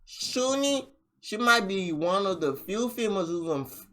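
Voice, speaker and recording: A man hosting a casual podcast, telling a story with animated energy, switching into a raised voice whenever he quotes someone. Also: high-pitched, normal speed. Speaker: podcast host. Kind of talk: casual chat recapping a battle rap event.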